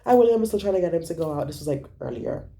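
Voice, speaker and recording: A young woman tells a casual storytime in a low, mellow voice. She talks in an animated, gossipy way and swears freely as she recounts her night. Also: rapid-fire, vocal fry. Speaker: vlogger.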